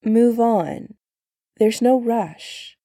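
A woman's voice: a little high, extremely slow, mellow, dry recording, clean studio sound, voice pushed up. A woman voicing a teasing easygoing young man. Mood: gentle. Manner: light, teasing, reassuring.

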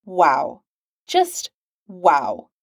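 A woman reading a manic, sarcastic billionaire man, needling and incredulous, pitched up above her own voice. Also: wildly swooping pitch, drawn-out words, vocal fry, husky, dry recording, studio quality, heavily acted.

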